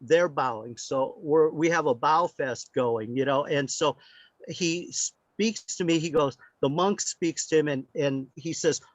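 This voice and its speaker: A man telling a casual story as a guest speaker on sound healing. He talks in animated anecdotes with many fillers. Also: fairly high pitch, measured pace, no room sound. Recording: dry, slightly muffled lo-fi audio.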